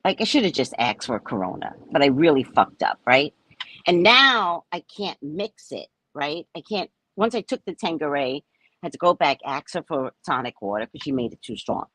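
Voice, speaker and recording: A woman telling a story casually to her viewers, animated and swearing, often checking in with "right?". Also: low voice, normal speed, rough recording. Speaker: vlogger, spiritual reader.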